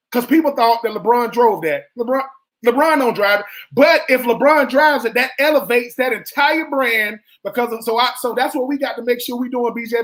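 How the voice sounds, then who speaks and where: A man co-hosting a sports radio show, a former college football player making his case with emphatic, repeated points. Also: extremely high pitch.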